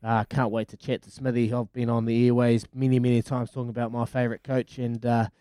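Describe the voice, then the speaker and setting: Upbeat Kiwi breakfast radio host. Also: male voice, mid-range voice, level tone, fairly quick, dark tone, clear, resonant tone, no room sound. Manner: upbeat, enthusiastic, hesitant when thinking. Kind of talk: sports talk radio. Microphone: studio mic.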